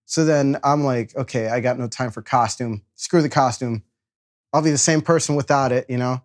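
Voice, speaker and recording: A young man from Chicago telling a story about himself in a loose, animated way, acting out voices, laughing at himself and swearing freely. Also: mid-range voice. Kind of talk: casual spoken storytelling.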